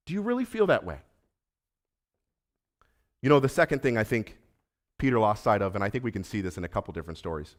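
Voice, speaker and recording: A man preaching a sermon as pastor, conversational and earnest, building to emphatic repeated lines. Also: lowish voice. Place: church sanctuary.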